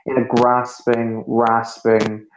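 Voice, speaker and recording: A man's voice: mid-range voice, completely flat delivery, slow pace. A man narrates a tabletop roleplaying game as game master, often restarting his sentences. The recording sounds roomy and a bit dull, with faint noise behind him. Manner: descriptive, with frequent restarts. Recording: roomy, muffled home recording.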